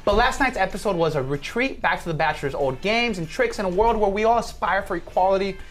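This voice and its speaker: A woman's voice: medium pitch, expressive, fast. A woman hosting an entertainment segment with a playful, opinionated recap. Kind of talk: casual chat and scripted recap.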